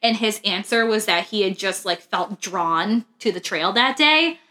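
A woman hosts a true crime podcast in a loose, conversational way. She tells the case with plenty of "um" and "like" fillers. Her voice is bright and forward. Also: medium pitch, measured pace. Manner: chatty, laughs often, fillers like "um" and "like". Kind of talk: casual true crime chat.

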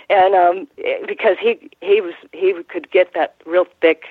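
A woman's voice: lowish voice, steady tone, husky, no echo. Older woman telling stories over a tinny line. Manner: rambling, halting, with frequent restarts and laughs. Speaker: guest, former ring announcer. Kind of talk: casual interview storytelling.

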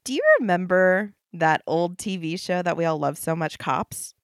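A woman hosting a podcast, casually retelling a story to her co-host in a chatty, relaxed way with fillers. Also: on the low side, moderate pace, no room sound, clean studio sound.

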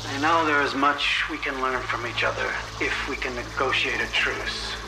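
Man doing a grave president, measured and solemn, echoey film clip, loud score behind. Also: mid-range voice, steady tone, vocal fry, over music, natural voice. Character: grave male president pleading for peace. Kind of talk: film dialogue.

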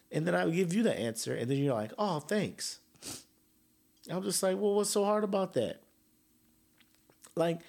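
A man's voice: on the high side, creaky, a little mellow. A man hosting a casual solo podcast, joking and trash-talking with frequent laughs. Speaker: podcast host.

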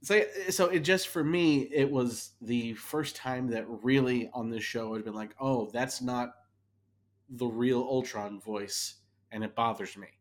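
A man's voice: medium pitch, unhurried. A man co-hosting a podcast. He talks casually and candidly about a show he watched, often restarting his sentences. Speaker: podcast co-host. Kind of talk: casual chat reviewing a show.

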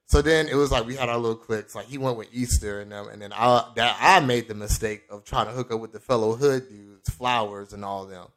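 A young man from Florida tells a story on a casual podcast. He slips into the voices of the people in it, jumping high and loud for their lines and dropping low and soft for his own asides. He laughs often as he talks. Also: brisk, hardly any pauses. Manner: animated storyteller, acts out quoted lines with big pitch jumps, laughs often. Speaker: podcast co-host.

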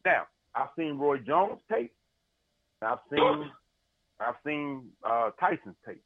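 A man's voice: mid-range voice, slow pace, dry recording, narrow, tinny audio. A man co-hosting a podcast, telling a story in casual sports chat with lots of energy and paraphrase. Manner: animated storyteller, paraphrasing and laughing. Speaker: podcast co-host.

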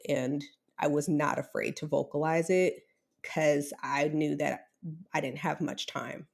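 A woman's voice: deep voice, fairly even intonation, a little slow, creaky. A woman in her thirties, an interview guest telling a candid, emotional personal story with many fillers.

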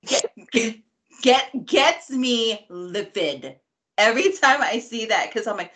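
Lively laughing woman with a bright pitch. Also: a little slow. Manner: animated, laughs often, mock-indignant rants. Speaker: podcast co-host. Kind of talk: casual chat.

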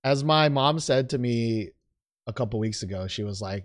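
A man's voice: fairly low pitch, steady tone, moderate pace. A young man hosting a casual podcast, rambling and joking at himself with plenty of fillers. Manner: rambling, self-deprecating, with frequent fillers and restarts. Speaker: podcast host. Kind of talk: casual chat.

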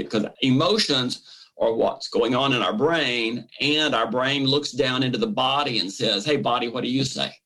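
Man, gravelly, animated therapist-guest explaining step by step. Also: medium pitch, low-quality recording. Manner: animated, acts out the brain's voice in quotes. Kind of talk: explanatory interview talk.

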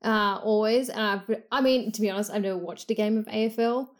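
A woman's voice: medium pitch, steady tone, fairly quick. Blunt sweary Australian woman. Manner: blunt, sweary, laughs easily. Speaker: podcast co-host. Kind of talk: casual chat.

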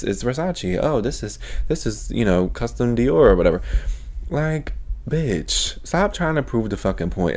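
A young man hosting a podcast, telling a story as a casual, animated rant full of profanity. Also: sits low. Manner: profane, animated, swears constantly. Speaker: podcast host.

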